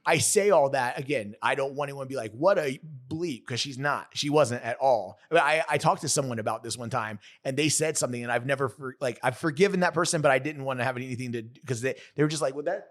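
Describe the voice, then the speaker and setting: An earnest man in his thirties tells a personal story as a podcast guest. His voice sits at an ordinary middle pitch. He talks in a halting way, breaking off and restarting his sentences as he goes. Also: fairly bright tone. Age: 30s. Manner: earnest, halting, many restarts and self-corrections.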